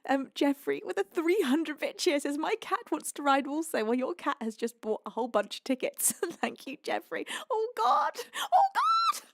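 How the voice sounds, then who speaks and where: A British woman hosting a live music stream reads out donations and gifts in casual chat, emotional and overwhelmed, crying while laughing. Her high-pitched voice moves at normal speed with few pauses, in clean studio sound with no room sound.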